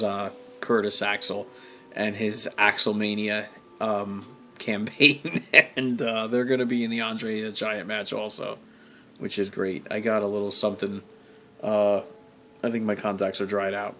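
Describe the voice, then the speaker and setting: A wrestling vlogger gives a casual, rambling recap, his fairly low voice showing little pitch movement and moving a little slowly. He's profane and full of fillers and restarts, then jumps into loud, exasperated outbursts.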